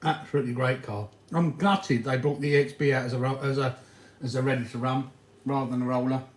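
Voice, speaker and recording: A man's voice: medium pitch, fairly even intonation, fast talker. A man hosting a casual livestream, rambling and chatting to viewers while he eats and works on his RC cars. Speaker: RC hobby livestream host. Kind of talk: casual livestream chat reading comments. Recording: echoey room with faint noise.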